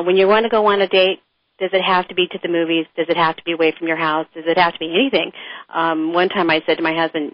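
Middle-aged woman chatting away frankly, animated storyteller, kinda dull dry lo-fi sound. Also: fairly low pitch, no echo. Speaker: author and guest. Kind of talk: conversational interview.

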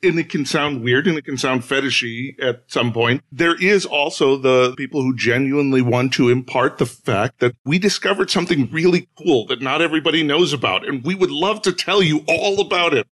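A man with a mid-pitched, ordinary voice talks as a panelist in a casual discussion. He is relaxed, drops jokes, and explains at an easy conversational pace. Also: moderate pace, few pauses. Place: live event with audience.

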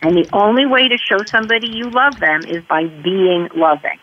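Woman guest expert, calm step-by-step explainer, phone-line audio. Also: medium pitch, normal speed, a little hiss or hum. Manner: calm, explains in numbered steps, acts out sample dialogue. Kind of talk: interview answers. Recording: tinny phone-line sound.

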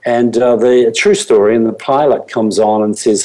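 A man's voice: medium pitch, steady tone, normal speed, few pauses, darkish tone, low-quality recording. A man speaking as a business coach on a show, telling stories earnestly and often restarting his sentences with fillers.

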